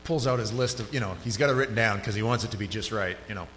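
A man's voice: lowish voice, quick pace. Man preaching in a reverberant hall. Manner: conversational, rises sharply when animated. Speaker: pastor. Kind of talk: sermon. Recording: hall reverb with faint hum.

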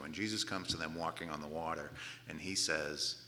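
Male pastor, animated sermon storytelling, bright, hall reverb. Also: a bass voice, moderate pace, slight background noise. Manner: animated storytelling, acts out the scene, casual asides.

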